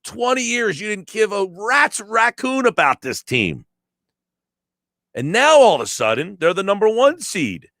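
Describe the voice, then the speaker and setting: A sports radio host rants on, sarcastic and emphatic, his fairly high voice swinging widely in pitch. He sounds close and dry on a studio microphone. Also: very animated, unhurried, a bit bright, dry recording. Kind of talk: opinionated sports talk radio.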